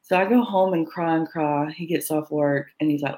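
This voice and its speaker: A woman's voice: low-pitched, moderate pace, mellow. Woman, interview guest, personal storytelling, acts out quoted lines. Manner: tells events in present tense, acting out quoted lines.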